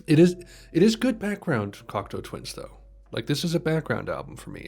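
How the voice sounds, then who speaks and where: A man's voice: medium pitch, normal speed. Guy doing a chill album reaction, rambly, trips over his words a lot. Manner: rambling, relaxed, self-correcting. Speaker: music reviewer.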